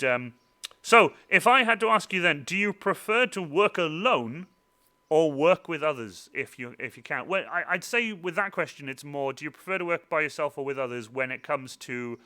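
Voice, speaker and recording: Bright excitable young man hosting. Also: a little high, smooth. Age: 20s. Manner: excitable, giggly, stumbling over words. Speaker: stream host. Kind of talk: casual livestream chat.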